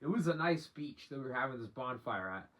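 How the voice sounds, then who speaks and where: A man's voice: mid-range voice, lively intonation, a little fast, sharp tone. A young man telling a rambling, slang-heavy story from his own life in a casual storytime monologue, cursing freely as he goes. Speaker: vlogger.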